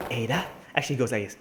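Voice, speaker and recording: A man from Malta, chatting casually and rambling on a live game stream from a room at home, laughing often. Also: medium pitch. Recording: steady background noise.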